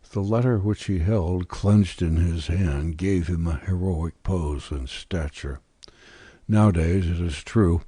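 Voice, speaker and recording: A man narrating a classic novel as an audiobook, reading in a measured, deliberate way. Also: sits low, mellow, breathy edge, no echo, clean studio sound.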